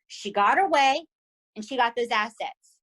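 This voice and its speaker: Animated Southern woman, higher voice. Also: normal speed, rough recording. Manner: animated and emphatic, often asking "right?". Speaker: podcast co-host. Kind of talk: casual chat recapping a TV series.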